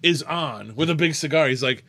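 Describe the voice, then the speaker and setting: A man co-hosting a casual chat, telling stories in an animated, excitable way. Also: a little high, a little fast. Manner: animated storyteller. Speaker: podcast co-host.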